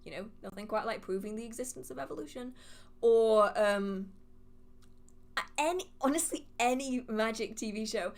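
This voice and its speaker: A woman hosting a live witchcraft Q&A, chatty and animated, laughing often as she reads questions from the chat. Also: fairly high pitch, moderate pace. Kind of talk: casual livestream Q&A, reading chat questions aloud.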